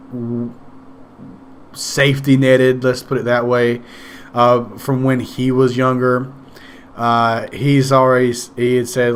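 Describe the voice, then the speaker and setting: A man's voice: medium pitch, a bit bright, slight background noise. A man casually recapping a movie, rambling, sarcastic and swearing now and then. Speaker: movie reviewer.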